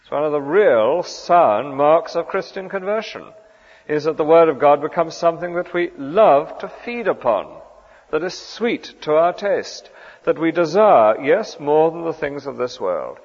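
A man's voice: a little high, animated, unhurried, breathy edge. A man preaching a sermon in an earnest, emphatic way, asking the listeners questions. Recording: dull sound with long hall reverb.

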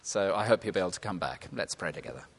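A man's voice: sits low, fast, slightly rough. Man preaching in a reverberant hall. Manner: animated, playful asides and laughter, drops to quiet earnest tones. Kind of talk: sermon. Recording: long reverb of a large hall.

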